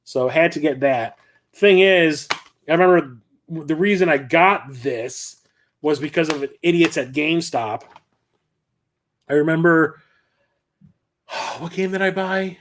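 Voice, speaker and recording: Rambling through conversational stories with frequent restarts, a middle-aged livestream host chats casually in a fairly high, fairly bright voice. He keeps a measured pace with long pauses, and a little hiss or hum sits under the audio.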